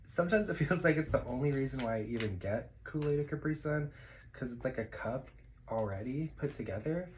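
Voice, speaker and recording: A man's voice: medium pitch, lively intonation, a little fast, a little hiss or hum, poor audio. A man chatting casually to his viewers while eating at home, rambling with lots of fillers. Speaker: vlogger. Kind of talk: casual eating vlog chat.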